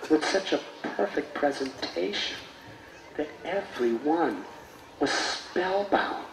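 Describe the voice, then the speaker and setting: A man, a spiritual teacher, telling a sacred story in a sermon with reverent, expressive delivery. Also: fairly high pitch, creaky. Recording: roomy space with faint noise.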